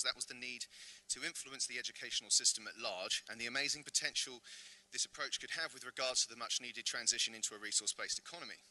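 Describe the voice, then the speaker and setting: A man from the UK giving a prepared speech at an event, earnest and rhetorical, often clearing his throat. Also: mid-range voice, sharp tone, low-quality recording. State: slightly out of breath. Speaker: invited speaker. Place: event venue.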